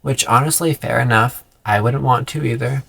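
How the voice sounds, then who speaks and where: Sarcastic gravelly-voiced man recapping a book. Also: medium pitch, normal speed, pushed and bright, no room sound. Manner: sarcastic, profane. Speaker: book vlogger. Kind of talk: casual vlog recap.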